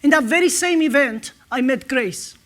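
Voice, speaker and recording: A man speaking as an entrepreneur at a conference, telling stories conversationally with occasional filler pauses. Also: very high voice, animated, fairly bright tone. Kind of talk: conference talk. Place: conference stage.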